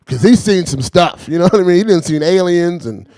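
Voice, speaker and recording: A man's voice: sits high, animated, fairly quick, darkish tone, dry recording. A man doing a rambling stand-up routine, chuckling between lines and repeating "you know what I mean". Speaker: stand-up comedian.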